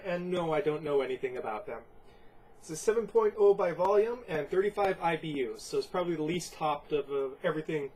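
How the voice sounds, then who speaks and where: A congested man hosting a casual beer review at home, rambling and halting with lots of fillers. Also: on the high side, darkish tone, rough recording.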